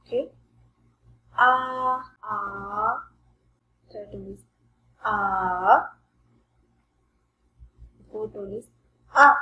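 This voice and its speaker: A woman teaching a language lesson, slowly modelling sounds for learners to repeat. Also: fairly high pitch, highs cut off. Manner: slow and deliberate, modelling sounds for repetition. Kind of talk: slow spoken language lesson. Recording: echoey room with faint background noise.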